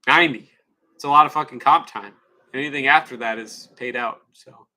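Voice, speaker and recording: A man's voice: mid-range voice, fairly quick, bright, forceful tone. A man streamer chatting casually and rambling frankly, swearing freely. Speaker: livestreamer. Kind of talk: casual livestream chat.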